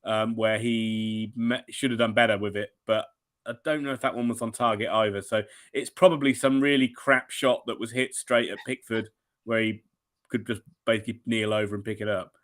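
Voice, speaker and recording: A man's voice: fairly low pitch, fairly even intonation, normal speed, a bit bright. A man with an English accent, a soccer analyst chatting loosely about the match with casual slang. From England. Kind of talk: live match commentary chat.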